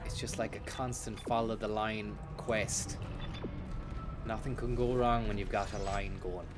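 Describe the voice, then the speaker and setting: A man's voice: on the low side, fairly even intonation, unhurried. A man giving casual, rambling let's-play commentary, joking and swearing as he plays. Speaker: gameplay streamer. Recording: game music playing behind.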